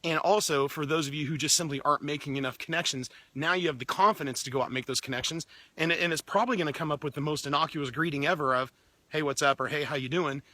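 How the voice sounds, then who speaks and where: A man giving an energetic, upbeat motivational talk to his team, often repeating words as he pushes ahead. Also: a little high, fast talker.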